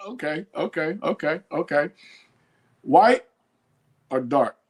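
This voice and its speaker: A man hosts a casual podcast chat with a relaxed manner and a voice pitched a bit above the usual. He fires off quick this-or-that questions and fills the gaps with easygoing affirmations. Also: slightly rough. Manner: relaxed, quizzing, says okay a lot. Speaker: podcast host.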